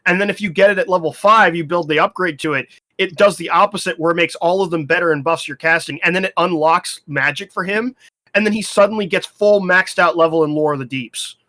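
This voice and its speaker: Podcast host, man, bright forceful tone, higher voice, swears freely, animated storyteller. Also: a little fast. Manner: profane, animated, laughing storyteller. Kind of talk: casual gaming chat.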